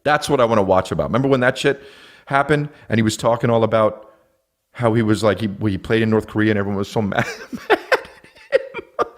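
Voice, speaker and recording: A man in his thirties hosting a podcast, ranting comedically with lots of swearing and quick put-on voices. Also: fairly low pitch. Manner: profane, animated, acts out silly voices. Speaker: podcast host. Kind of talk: comedic rant.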